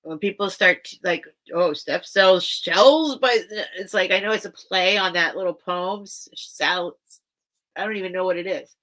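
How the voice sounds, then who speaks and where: A woman's voice: lowish voice, fairly even intonation, normal speed, sharp tone. A woman hosting a live vintage sale stream, rambling and interrupting herself in casual chat. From grew up by the beach. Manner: rambling, self-interrupting, chatty.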